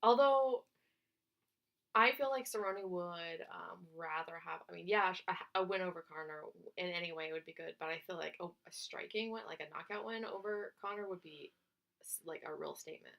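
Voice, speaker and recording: A woman with a bright, forward voice chatting on a podcast. She talks with enthusiasm and strong opinions, restarting her sentences as she goes. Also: lowish voice, moderate pace, creaky. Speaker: co-host, MMA editor. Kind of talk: casual podcast chat.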